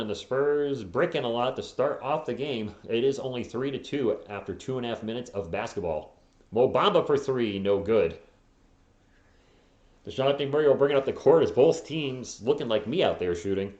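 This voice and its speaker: Hoarse man calling live fan play-by-play. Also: medium pitch, a little mellow, reverberant, muffled recording. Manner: quick play calls mixed with joking asides and chat replies. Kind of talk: casual live play-by-play commentary.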